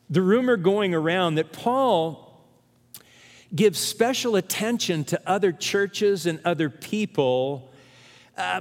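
A man's voice: high voice, long reverb tail. An older man, a pastor, preaching a sermon in an earnest, conversational way with emphatic rises.

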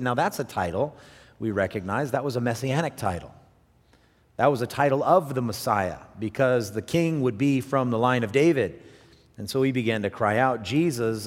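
A man preaching a sermon, animated, swinging from raised emphasis to quiet asides and often repeating words as he thinks aloud. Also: medium pitch. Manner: animated preaching, rising and dropping to near hush for emphasis. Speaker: pastor. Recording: long hall reverb.

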